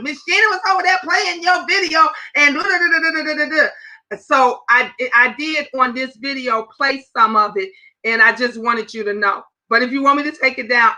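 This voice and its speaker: A woman in her fifties hosting a casual livestream chat, animated and talking straight to her viewers. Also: fairly high pitch, poor audio. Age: 50s. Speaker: livestream host.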